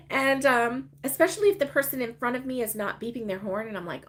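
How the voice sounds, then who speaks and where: A woman's voice: fairly high pitch, brisk. An older woman, hosting a casual crochet livestream and rambling through stories with fillers and laughter. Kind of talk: casual chat to live viewers.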